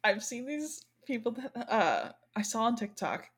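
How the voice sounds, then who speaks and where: Woman podcast host, chatty, animated storyteller, casual book talk. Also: on the high side, unhurried, husky. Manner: chatty, animated retelling with quoted voices. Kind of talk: casual chat.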